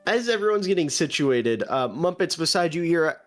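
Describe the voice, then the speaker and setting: A man narrating a tabletop game as game master in a relaxed, filler-laden way. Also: fairly high pitch, fairly quick, soft background music.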